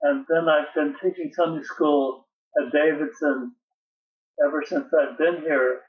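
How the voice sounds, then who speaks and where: A man, a poet, reading his poems aloud and then answering questions in a measured, reflective way, with hesitant restarts when he talks freely. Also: fairly high pitch, fairly even intonation, echoey room, recorded from a distance, lo-fi sound, a little hiss or hum. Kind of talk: poetry reading and interview answers.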